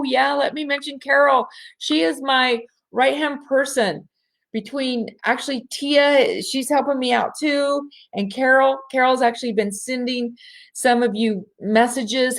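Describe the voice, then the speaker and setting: A woman hosting a live online session from home. She talks in a bubbly way, laughs often, speaks straight to her listeners and slows to a soft voice when guiding a breathing exercise. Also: a little high. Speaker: host of an online women's gathering. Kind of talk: live-streamed coaching talk with guided breathing.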